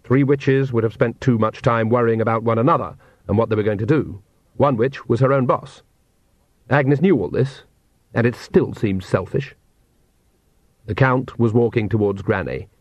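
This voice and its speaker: A man's voice: mid-range voice, moderate pace, dry recording. Man narrating an audiobook, dull and dry.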